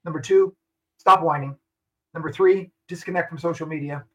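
An older man with a fairly high, bright and forceful voice talks as a guest on a radio show. He numbers his points and repeats the key lines for emphasis, with the firm delivery of a retired army officer. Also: fairly even intonation, normal speed, rough recording. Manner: emphatic, lists points and repeats them for stress. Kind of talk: radio interview.

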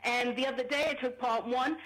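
A woman's voice: sits high, fairly even intonation, a little fast, a bit bright. A woman with a Long Island accent calling in to a radio talk show, earnest and matter-of-fact. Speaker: caller. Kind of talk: call-in radio. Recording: phone line into a radio show.

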